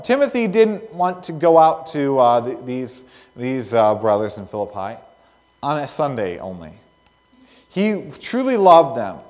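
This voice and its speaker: A male pastor delivers an earnest sermon, his slightly high voice climbing and dropping with lively emphasis. He pauses between phrases and leans on key words. The sound carries a long reverb from a large church hall. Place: church sanctuary.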